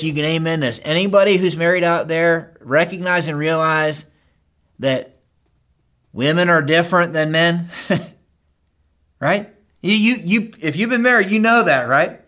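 A middle-aged pastor with a fairly high male voice preaches a sermon aimed directly at the men in his congregation. He swings between loud urging and hushed asides.

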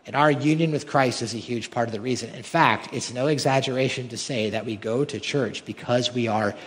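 A man's voice: mid-range voice, fairly quick, slight background noise. A male pastor preaching a sermon with rhetorical questions that build to emphatic peaks. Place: large church hall. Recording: long hall reverb.

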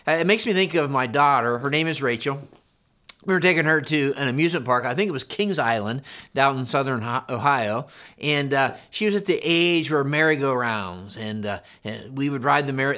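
A middle-aged man, a pastor, preaching a conversational, animated sermon. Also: a little high, a little fast.

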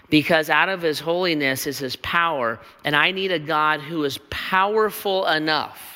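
A man pastor preaches in a church, building his points through emphatic, repeated phrases. His voice sits slightly high, with a bright, forceful tone. Long reverb hangs around every line. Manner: emphatic, repetitive rhetorical cadence. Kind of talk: sermon.

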